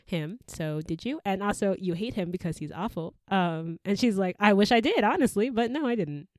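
A woman co-host fills in story details in a measured, explanatory way. Her pitch is middling and the sound is dry. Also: animated, darkish tone, dry recording. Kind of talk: casual book recap.

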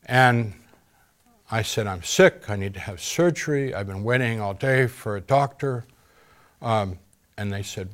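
A man giving an earnest, halting personal testimony in an interview, pausing often and using fillers. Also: fairly low pitch, fairly bright tone. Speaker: interview guest.

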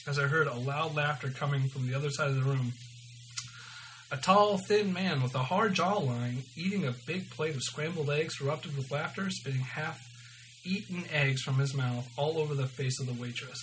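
A man's voice: on the high side, moderate pace, background noise. Stumbling man reading a story aloud. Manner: stumbling and self-correcting, amused. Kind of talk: reading his own story aloud, casual.

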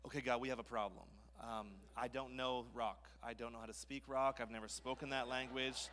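A man acting out a flustered, stammering Moses, who turns into an excited crowd-rousing speaker. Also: medium pitch, fairly quick, in a large hall, a little hiss or hum, pitched below the performer's own voice, natural voice. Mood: worried. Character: anxious, stammering biblical leader Moses, man.

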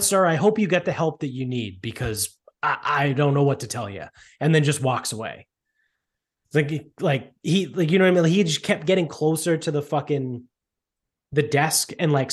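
A man tells a rambling story in casual chat, peppered with swearing and filler. His voice sits at an ordinary middle pitch, and he keeps the telling loose and animated. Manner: profane, rambling, animated retelling.

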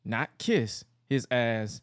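A man co-hosting a podcast, casually recapping an old wrestling show, animated and laughing often. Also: drawn-out words, no room sound, clean studio sound. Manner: animated storyteller, laughs often, jumps into high mocking voices for quotes. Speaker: podcast co-host.

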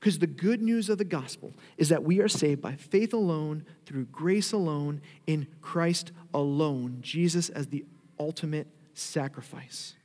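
A man delivers a sermon from the front of a church, his voice sitting a touch high for a man. He talks in a conversational way, then climbs into emphatic, drawn-out declarations. The sound carries a long hall reverb from the sanctuary around him. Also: a little mellow. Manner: conversational preaching with emphatic rises. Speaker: pastor.

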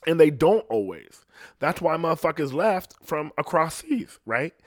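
A man's voice: on the high side, big pitch swings, dry recording, studio quality. A man doing a stand-up comedy monologue, rambling and swearing constantly. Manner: profane, rambling, fast.

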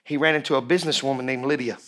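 A pastor preaching a sermon with energy and emphasis, repeating lines and breaking into shouts, joking informally with his congregation. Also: medium pitch, steady tone, rapid-fire.

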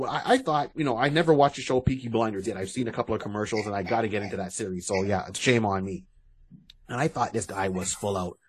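A man's voice: on the low side, breathy edge. A man co-hosting a podcast, chatting casually and rambling with restarts and asides. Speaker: podcast co-host. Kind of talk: casual chat.

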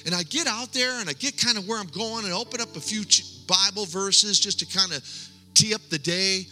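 A middle-aged man with a high voice preaches a sermon built around his personal testimony. He speaks earnestly, restarting haltingly and dropping into hushed tones. The recording has a long hall reverb with faint music underneath.

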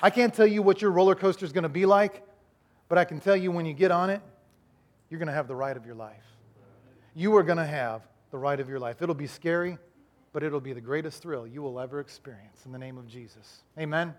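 A man's voice: on the high side, a little fast. A male pastor preaching a sermon, telling a humorous story and repeating lines for emphasis. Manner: repetitive emphatic phrasing.

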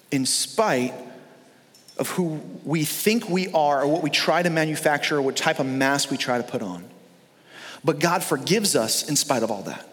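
A male pastor delivers his sermon in a fairly high voice, reading scripture and retelling the story with animated, emphatic repetition. His words carry a long reverb through the church sanctuary.

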